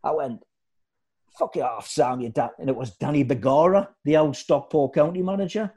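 A man's voice: a little high, moderate pace, breathy edge. A man telling football stories in casual chat, acting out other people's voices. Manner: animated anecdotes, acts out shouting voices. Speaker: former footballer guest.

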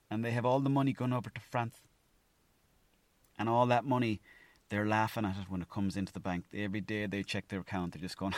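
A man's voice: lowish voice, no room sound. A young Irish man from Mayo rambling through a solo podcast story, swearing freely and acting out his own thoughts. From Ireland. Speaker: podcast host.

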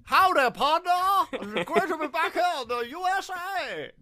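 Squeaky american cowboy, entitled, loud hollering, high and lively, as a british man puts him on. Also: normal speed, exaggerated voice. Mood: whooping. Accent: put-on American.

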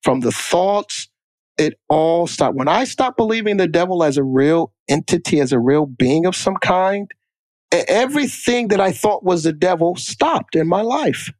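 Podcast guy, a bit high voice, tells stories with lots of emphasis, dry close mic. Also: expressive, normal speed, a little mellow, dry recording. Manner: emphatic storyteller, repeats for emphasis. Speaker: podcast co-host. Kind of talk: casual chat.

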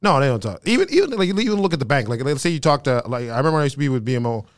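Lively rambling man, quick talker. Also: mid-range voice, no echo, clean studio sound. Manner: rambling, trails off, swears casually. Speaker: podcast co-host. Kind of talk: casual chat.

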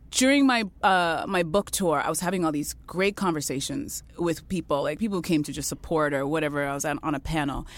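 A woman podcast host and author, a guest in a casual chat, telling stories candidly and swearing freely. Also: lowish voice. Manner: candid, animated storyteller who swears freely.

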